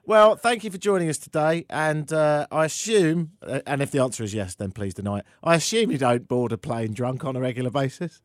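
A man hosts a talk radio show, ribbing his guests with dry, playful wit. His mid-pitched voice swoops up and down a lot, recorded close and dry on a studio microphone. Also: animated, fairly quick, hardly any pauses, no echo. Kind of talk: chatty radio hosting.

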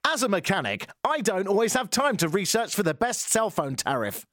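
A man putting on an over-animated, sing-song radio ad voice-over, playing a cheerful everyman. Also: sits high, fairly quick, dry recording, studio quality, pitched above the performer's own voice. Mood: overblown cheer. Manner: sing-song, overly upbeat. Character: over-animated male ad voice-over, chirpy.

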